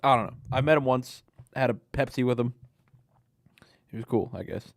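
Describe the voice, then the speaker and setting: A man's voice: medium pitch, normal speed, creaky, dry recording. A young man co-hosting a casual motorsport podcast, laughing often and teasing. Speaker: podcast co-host.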